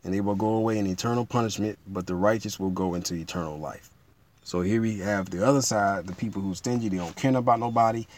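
A man preaching in a relaxed, conversational way, repeating himself and building to emphatic peaks. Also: fairly low pitch, fast talker. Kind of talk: informal sermon teaching.

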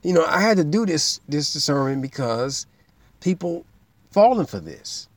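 Guy preaching a sermon, punchy and emphatic, gets loud then drops low. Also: big pitch swings, unhurried, no room sound. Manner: emphatic, swings from loud preaching to quiet asides.

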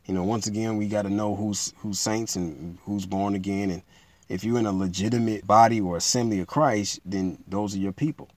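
A man preaching in a relaxed, conversational way, repeating himself and building to emphatic peaks. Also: on the low side, normal speed, no room sound. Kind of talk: informal sermon teaching.

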